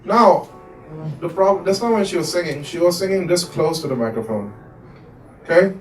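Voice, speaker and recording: A man's voice: high-pitched, lively intonation, moderate pace, faint music behind. Casual man teaching home recording. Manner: casual, rambling, filler-heavy explanations. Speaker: workshop instructor. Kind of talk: live recording workshop demo. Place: music store workshop room.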